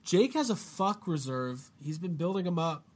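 A man's voice: on the high side, expressive, moderate pace. Joking, profane male podcast host. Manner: loose, joking, swears freely. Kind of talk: casual podcast chat.

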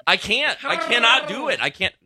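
A man's voice: very high-pitched, sing-song, normal speed, noisy background. A man co-hosting a radio show, chatting casually and joking at his own expense with frequent laughter. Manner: self-mocking, laughs a lot. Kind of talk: casual on-air banter.

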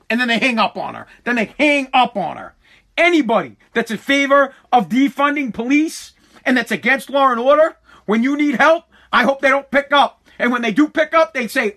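A man's voice: very high-pitched, animated, a little fast, sharp tone. A man hosting a podcast, ranting heatedly with profanity and frequent restarts. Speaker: podcast host. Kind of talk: ranting political commentary.

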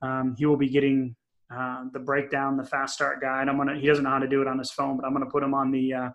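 A middle-aged man from New England co-hosting a podcast, telling a long anecdote in a chatty, animated way with many fillers. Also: mid-range voice, quick pace, lo-fi sound. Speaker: podcast co-host. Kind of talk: casual podcast chat, storytelling.

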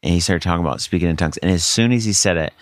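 Low-voiced pastor telling a story. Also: male voice, very fast, no room sound, clean studio sound. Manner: rambling, conversational with many fillers. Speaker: pastor, guest. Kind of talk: storytelling testimony in casual chat.

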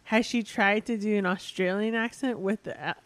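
A woman's voice: medium pitch, fairly even intonation, moderate pace, dry recording. A young woman in casual chat, curious and asking follow-up questions.

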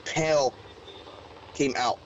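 A man's voice: medium pitch, fairly even intonation, takes it slowly, dull audio, noisy background. A man from Mexico telling a story in a rambling, slangy way full of fillers. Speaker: interviewee recounting an encounter. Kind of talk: casual storytelling.

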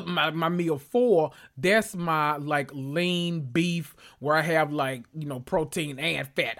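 A podcast host with a slightly high, fairly bright voice chats casually about reality TV, recapping it. He rambles, swears freely, and keeps interrupting himself.

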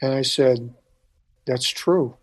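A man telling a personal story in conversation, halting with frequent restarts and dropping quiet at moments. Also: medium pitch, breathy edge. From United States. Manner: halting, restarts often, quiet when recalling. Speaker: speaker telling his life story.

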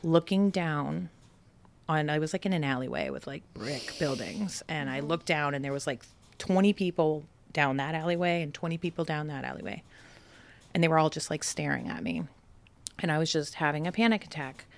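Here the Brockton native's voice is low and creaky, with lively intonation at a normal speed. As a podcast guest, she casually shares a personal story, leaning on "like" and repeating what others said.

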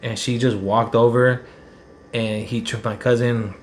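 A man's voice: medium pitch, level tone, unhurried, slight background noise. A man, telling a personal story in a rambling, heated, profane way. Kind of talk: casual storytelling.

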